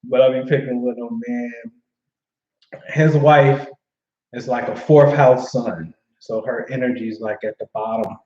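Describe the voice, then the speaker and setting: A man hosts a laid-back livestream, talking in a loose, slangy way and often checking in with "you know what I'm saying." His voice sits at an ordinary middle pitch. The sound is a bit roomy and slightly muffled, like a home setup. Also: darkish tone. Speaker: astrology livestream host. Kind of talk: casual livestream chat reading viewer comments.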